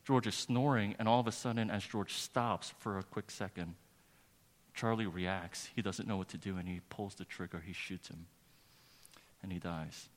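A man with a low voice preaches a sermon. He tells a story earnestly and builds toward emphatic, rising preaching. His voice rings with a long reverb from a large church hall. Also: steady tone, normal speed. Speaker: pastor.

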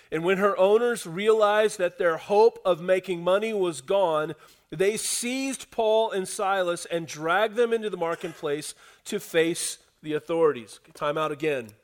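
A man preaching a sermon, retelling a scripture passage and acting out the quotes while speaking to the congregation. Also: fairly high pitch. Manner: animated preacher, acts out quotes, talks to congregation. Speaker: pastor.

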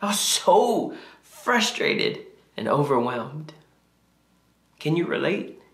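A man preaching a sermon as a pastor, earnest and confessional, climbing higher when he acts out his own prayers. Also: very animated, takes it slowly, fairly bright tone. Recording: echoey room.

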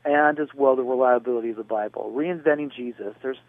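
A man's voice: medium pitch, fast talker, dry recording. Man explaining over a tinny phone line. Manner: discursive, spells out names, many fillers. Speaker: radio show expert answering callers. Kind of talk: call-in radio answer.

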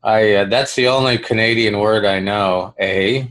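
An easygoing man co-hosts a podcast and chats casually, laughing along with the host. His voice sits somewhat low. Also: fairly even intonation, moderate pace, a bit bright. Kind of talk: casual chat.

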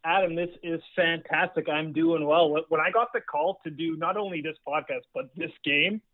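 A man's voice: fairly high pitch, fairly even intonation, normal speed, dry recording. A man calling in as a podcast guest by phone, talking with eager enthusiasm. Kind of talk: casual podcast chat. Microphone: phone line. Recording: tinny phone line.

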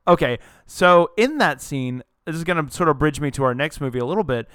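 Man, podcast co-host, crude rambling jokes, smooth resonant voice, dry close sound. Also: a little high, animated, fairly quick, a bit bright, no room sound. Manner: joking, crude, rambling, puts on silly voices. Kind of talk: casual movie chat.

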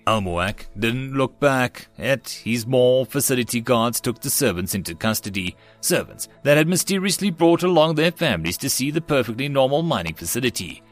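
Guy reading a sci-fi web novel audiobook, steady read, soft music in the back. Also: medium pitch, moderate pace, hardly any pauses. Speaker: audiobook narrator. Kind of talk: scripted narration.

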